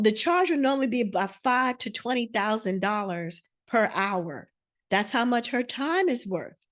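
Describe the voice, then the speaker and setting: A woman hosting a live online money masterclass over a video call, talking in an animated way and stacking up repeated words for emphasis in a preacher-like style. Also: a little high. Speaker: financial educator hosting a masterclass.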